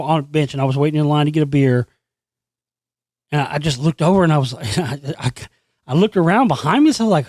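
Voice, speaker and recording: A man hosting his own channel, delivering a profane, sarcastic ranting monologue and animated storytelling. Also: fairly high pitch, no room sound, clean studio sound. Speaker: channel host.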